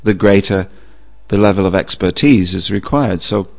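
A man preaching a sermon, telling a story with a relaxed, anecdotal manner and frequent pauses. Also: low voice, creaky. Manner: anecdotal, with fillers. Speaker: religious preacher.

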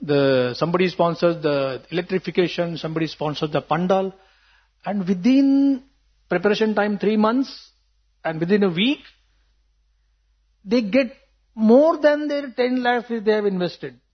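A man preaches a sermon, often acting out quoted voices and posing rhetorical questions. His voice is husky and sits a little high. The recording sounds muffled and lo-fi. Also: normal speed.

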